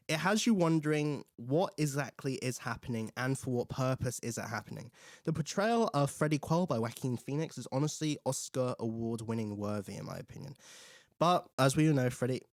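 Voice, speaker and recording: A young man hosting a casual film review, chatty and animated, acting out the characters' lines. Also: medium pitch, no room sound, clean studio sound. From England. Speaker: host.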